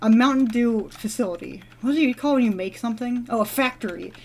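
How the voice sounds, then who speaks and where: Rambling, giggly woman with a higher voice. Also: brisk. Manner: rambling, giggly, with many fillers and restarts. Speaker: gaming vlogger. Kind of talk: casual rambling storytelling while playing a game.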